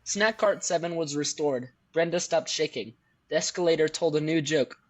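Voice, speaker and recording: A young man with a slightly high voice reads a goofy tale in a flat, matter-of-fact manner. The recording is dull and lo-fi, with the top end missing. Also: moderate pace. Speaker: podcast co-host. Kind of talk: reading a silly story aloud. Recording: dull lo-fi audio.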